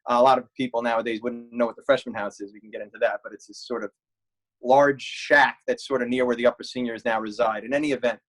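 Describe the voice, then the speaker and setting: A man's voice: medium pitch, steady tone, fast talker, fairly bright tone, low-quality recording. Man, 40s, alumnus guest, wry anecdotal delivery. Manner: wry, storytelling with humor. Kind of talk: reminiscing interview answers.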